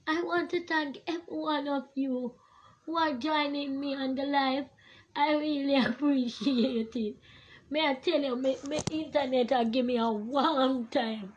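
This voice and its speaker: A woman's voice: high voice, fairly even intonation, measured pace, poor audio. A woman chatting on a live stream from her phone, distracted and laughing at herself. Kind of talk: casual live stream chat.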